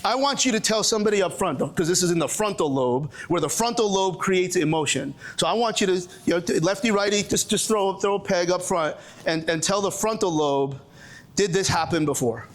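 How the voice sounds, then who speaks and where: A man's voice: high-pitched, brisk. Joking Brooklyn man at a seminar. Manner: joking, with frequent restarts and audience call-outs. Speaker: presenter at a coaching seminar. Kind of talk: animated live seminar talk. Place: lecture room with a live audience.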